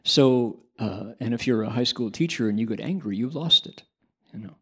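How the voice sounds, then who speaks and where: Gravelly-voiced monk telling a story. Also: male voice, medium pitch, normal speed. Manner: animated storytelling, conversational asides. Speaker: Buddhist monk. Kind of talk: sermon. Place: Buddhist monastery.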